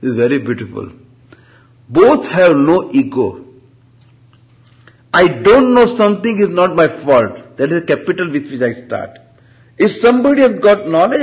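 A man, teaching Vedanta and Sanskrit in a classroom lecture. He keeps quizzing the class with rhetorical questions and answers them himself, and he reads out Sanskrit terms slowly. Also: high-pitched. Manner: slow, deliberate reading of Sanskrit terms. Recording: dull lo-fi lecture recording.

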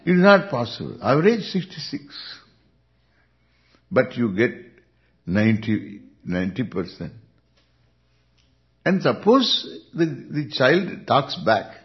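Slow Indian-accented spiritual teacher. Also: male voice, medium pitch. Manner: unhurried, chuckling, lively intonation. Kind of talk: Vedanta discourse. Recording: dull lo-fi recording.

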